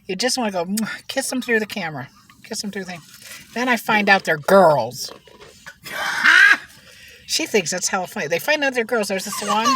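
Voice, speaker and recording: This mukbang vlogger talks a little fast in an animated, medium-pitched voice over a noisy background. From her car, she eats and rambles through gossipy stories, laughing a lot along the way.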